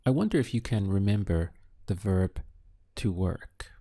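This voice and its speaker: Slow gravelly male language teacher. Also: deep voice, animated, mellow. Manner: patient, pauses between short phrases. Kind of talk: slow, clear language lesson.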